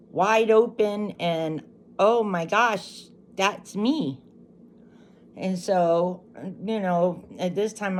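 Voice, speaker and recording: A woman's voice: lowish voice, warm tone, a little hiss or hum. Chatty middle-aged woman telling her story. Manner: chatty, rambling, lots of restarts and asides. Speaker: channel host. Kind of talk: casual personal storytelling.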